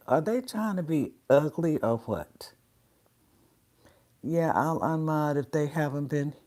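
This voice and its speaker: A woman's voice: low-pitched, darkish tone. A woman hosting a casual livestream, chatting with her viewers and greeting them by name, her voice a little congested. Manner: chatty, talks to chat viewers. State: congested sinuses. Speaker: livestream host.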